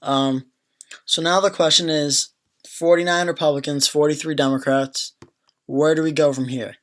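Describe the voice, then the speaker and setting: A man's voice: fairly high pitch, fairly even intonation, normal speed. A young man hosting a casual election prediction video, thinking aloud with fillers and restarts as he goes through an electoral map. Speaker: political prediction video host.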